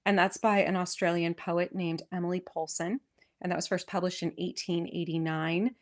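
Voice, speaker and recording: A woman with a West Coast American accent hosting a podcast. She reads an old poem aloud, then chats about its history in a lively, enthusiastic way with frequent restarts. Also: lowish voice, moderate pace. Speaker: podcast host. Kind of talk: poetry reading and casual history chat. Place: lives in England.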